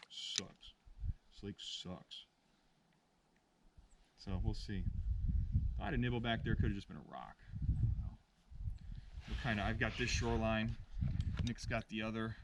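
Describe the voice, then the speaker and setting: A man giving casual, slangy running commentary while fishing from a boat on a remote lake, laid-back and quick to get excited over a catch. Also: fairly low pitch. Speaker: outdoor vlogger and angler. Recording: distant voice over loud outdoor noise.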